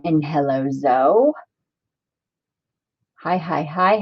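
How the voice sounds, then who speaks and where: A woman's voice: fairly low pitch, animated, a little slow, no echo, dull audio. A woman chatting casually on a crafting livestream, talking to herself as she works and greeting viewers by name.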